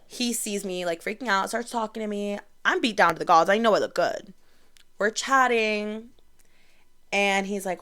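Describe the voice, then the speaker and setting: A woman's voice: medium pitch, moderate pace, a bit bright. A young woman in her twenties hosting a casual solo podcast, chatty and bubbly, storytelling with lots of "like". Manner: chatty, bubbly, heavy use of "like". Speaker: podcast host.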